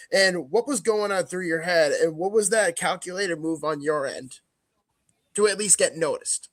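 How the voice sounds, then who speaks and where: A male podcast host with a high voice lobs long, casual questions at his guest. He sounds curious and loose, wording his questions as he goes. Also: fairly bright tone. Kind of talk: interview questions.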